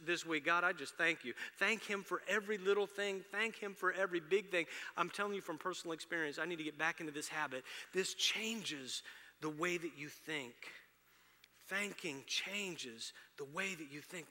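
Middle-aged preacher, man, higher voice, conversational delivery that swells loud then drops soft. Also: normal speed. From Houston, Texas area. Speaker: pastor. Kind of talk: sermon. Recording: long reverb of a large hall.

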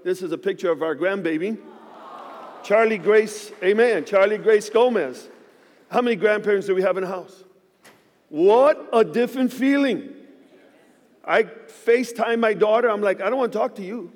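A man in his fifties, a guest pastor, preaching a sermon in a church with lively, joking storytelling. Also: high-pitched, normal speed, pauses often, in a large hall. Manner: animated storytelling with joking asides. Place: church sanctuary.

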